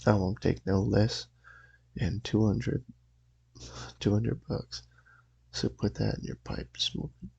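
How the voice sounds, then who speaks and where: A man playing a simple-minded, stubborn country fellow in an attempted Southern accent, raspy and folksy. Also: on the low side, slow, pauses often, darkish tone, dull audio, exaggerated voice.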